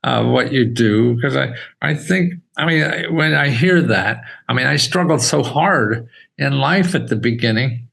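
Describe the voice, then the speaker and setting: An older man talking as a podcast guest, animated and laughing often, with his voice jumping high when he gets excited. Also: a little slow, gravelly, husky, poor audio. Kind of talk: casual interview talk.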